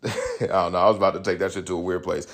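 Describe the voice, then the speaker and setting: A young man hosting a solo podcast, telling stories in a loose, profane, animated way and laughing often. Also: low voice, fast talker. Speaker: podcast host. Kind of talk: casual solo commentary.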